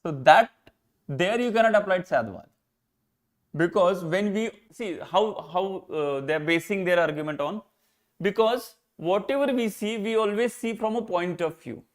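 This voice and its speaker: A philosophy teacher with an Indian English accent and a higher-pitched voice lectures live for exam prep at a normal speed. He repeats and rephrases the crucial points, mixes in Hindi, and explains things by putting rhetorical questions and then answering them.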